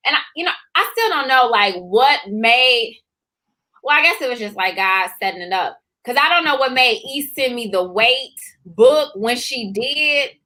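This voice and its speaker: A woman co-hosting a casual chat, telling a personal story in a lively way, full of fillers and acted-out voices. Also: fairly high pitch, moderate pace, low-quality recording. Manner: animated, acts out voices, many fillers. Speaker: co-author and co-host.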